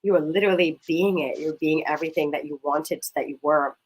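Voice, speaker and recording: A woman leading a coaching exercise in casual chat, talking in an animated, gushing way and swearing casually. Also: deep voice, quick pace, husky, rough recording.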